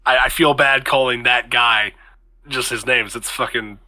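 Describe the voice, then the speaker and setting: Man, game master, tabletop game narration, casual and joking, very bright voice. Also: medium pitch, fairly even intonation, a little slow.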